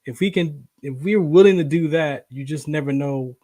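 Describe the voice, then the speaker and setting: A man's voice: on the high side, normal speed, dark tone, no room sound, studio quality. A man hosting a radio talk show welcomes listeners back and talks in an upbeat, preaching way, citing scripture. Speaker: host. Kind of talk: radio show host segment.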